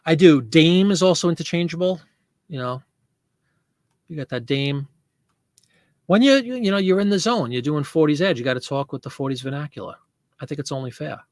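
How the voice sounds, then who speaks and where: On a casual livestream where he sells things, a man with a voice on the high side chats with viewers, reads their comments out loud, and answers them. He rambles and laughs a lot. The sound is dry, with studio quality.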